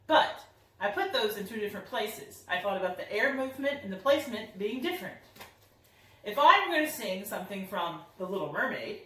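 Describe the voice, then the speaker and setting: A young woman voice teacher demonstrates singing technique in a lesson, explaining it in an upbeat, friendly way with a mid-range voice that sounds pushed and bright. She's somewhat far from the mic, and the room echoes.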